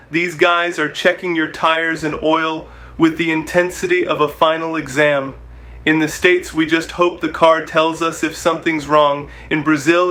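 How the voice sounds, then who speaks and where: A man's voice: fairly high pitch, fairly bright tone. A man hosting a show, delivering scripted comedic narration with punchy, wisecracking jokes. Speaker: host.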